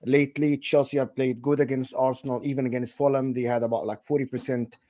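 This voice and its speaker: A man giving calm, methodical football match analysis as a fan pundit, repeating his key point. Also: medium pitch, fast talker, a little hiss or hum.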